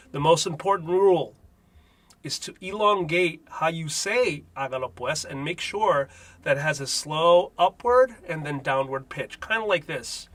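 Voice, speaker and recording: A man's voice: on the high side, a bit bright. A man, a native Spanish speaker, hosting a comedic language lesson with wry, jokey asides. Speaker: host.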